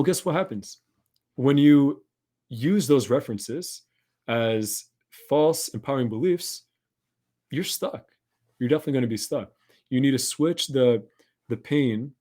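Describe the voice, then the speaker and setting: A man's voice: medium pitch, darkish tone. A man hosting a podcast, talking listeners through a self-help monologue in an earnest, encouraging coaching tone. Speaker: podcast host.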